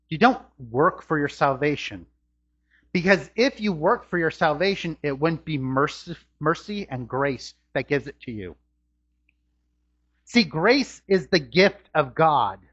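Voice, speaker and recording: A man preaches a sermon from a church, his husky voice swinging widely in pitch and climbing on his rhetorical questions. The recording sounds dull and lo-fi. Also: expressive, measured pace, a bit bright. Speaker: pastor. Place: church sanctuary.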